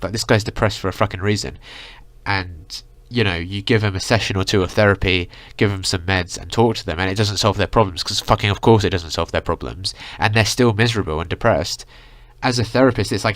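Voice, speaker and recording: A man's voice: fairly low pitch, no room sound. A young man in a heated, profane vlog rant, full of "like" and "you know". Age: young adult. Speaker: vlogger. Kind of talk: ranting vlog monologue.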